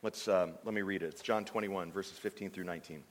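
A man preaching a sermon, animated and conversational, with frequent restarts and "I mean" fillers. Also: sits low, fairly quick, hardly any pauses. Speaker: pastor. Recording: long hall reverb.

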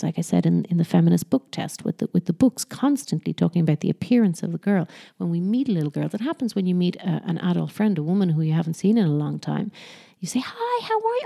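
Low, gravelly-voiced woman chatting about parenting. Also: mellow. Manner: chatty, self-correcting, slips into mock sing-song voices when quoting. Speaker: parent giving parenting advice. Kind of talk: casual talk to camera.

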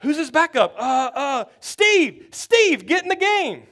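A man voicing an exasperated high-school football coach who shouts orders from the sideline. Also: expressive, a little fast. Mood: shouting.

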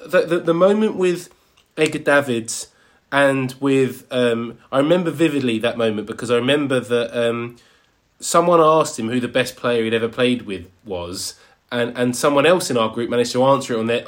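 Man chatting, lots of false starts, stop-start way of talking. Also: medium pitch. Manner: halting, searches for words, then bursts into excitement. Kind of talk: casual chat.

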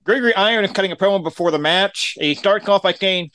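A man's voice: high-pitched, brisk, a bit bright, clear, resonant tone, dry recording. A man casually recapping a wrestling show on a podcast, giving dry, matter-of-fact play-by-play with his own opinions.

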